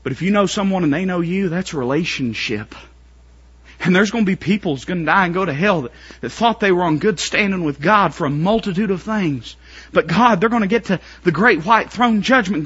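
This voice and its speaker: A man preaching a sermon to his congregation, building up to shouted, strained pleading climaxes. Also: high voice, animated, brisk, slightly rough, muffled recording.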